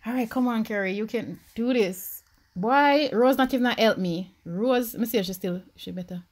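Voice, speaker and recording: A young woman with a Jamaican accent giving excitable, anxious commentary as she plays a life-sim game. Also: on the high side, normal speed. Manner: animated, swings from anxious murmurs to shrieks. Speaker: gaming YouTuber.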